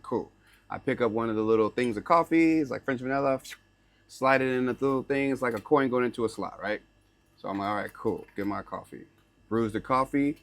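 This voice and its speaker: A man's voice: mid-range voice, gravelly. Chatty young man telling a story. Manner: animated, chatty, slangy, lots of "like" and "right?"; slips into learner's Norwegian phrases. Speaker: vlogger. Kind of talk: casual storytelling to camera.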